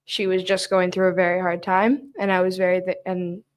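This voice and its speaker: Young woman guest, quiet and a bit hesitant. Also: fairly low pitch, little pitch movement, brisk. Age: young adult. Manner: soft-spoken, hesitant. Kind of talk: casual chat.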